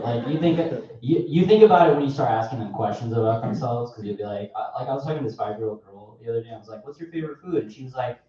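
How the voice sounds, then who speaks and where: A man's voice: mid-range voice, warm tone. A young man doing a stand-up set in a comedy club, talking in an offhand, rambling, self-mocking way. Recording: echoey, distant, dull live club recording.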